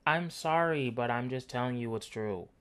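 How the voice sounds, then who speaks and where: A man's voice: mid-range voice, moderate pace, fairly bright tone, clean tone. A man ranting through a basketball game analysis, blunt, profane and sarcastic. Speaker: basketball commentary vlogger.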